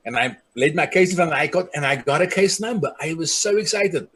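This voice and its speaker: An earnest man with a husky, somewhat high voice tells stories from his community. He acts out the people he quotes and drops soft and low on the grave points. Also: expressive, quick pace. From South Africa. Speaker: traditional community leader. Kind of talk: personal storytelling speech.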